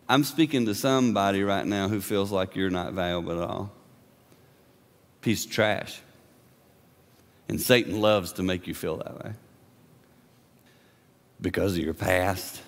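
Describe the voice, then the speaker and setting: A man preaching a sermon in an impassioned way, moving between booming lines and hushed asides. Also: fairly even intonation, moderate pace, pauses often, long reverb tail. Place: church sanctuary.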